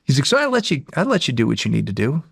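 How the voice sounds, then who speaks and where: A man's voice: medium pitch, wildly swooping pitch, very fast, creaky, a bit bright, slightly rough, no echo, studio quality, voice pushed up, full character voice. A man voicing a small, crude, lecherous male demon who whines and wheedles to be let back in. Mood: boastful. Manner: whiny wheedling begging.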